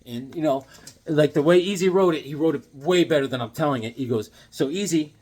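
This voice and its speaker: A man's voice: fairly high pitch, fairly quick, a little mellow. A man chatting casually about his comic books, rambling and enthusiastic with jokes. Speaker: comic book vlogger. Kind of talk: casual comic collection chat.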